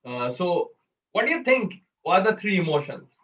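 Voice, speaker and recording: A man's voice: high voice, big pitch swings, normal speed, fairly bright tone. A man leading an online public speaking workshop, coaching and quizzing the audience over a video call. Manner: coaching, asks audience questions. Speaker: workshop presenter. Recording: distant, dull video-call audio.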